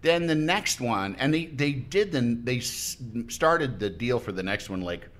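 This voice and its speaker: A man guesting on a podcast tells a long, rambling story in casual chat. He interrupts himself constantly and slips into little acted-out quotes. His pitch swings widely, and his tone is bright and forward. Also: sing-song, a little slow. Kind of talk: casual chat, telling an anecdote.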